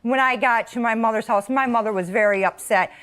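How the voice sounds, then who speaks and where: A woman's voice: a little high, brisk, a bit bright. A middle-aged woman arguing heatedly as a defendant in a courtroom, accusing and talking over others. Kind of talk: courtroom argument.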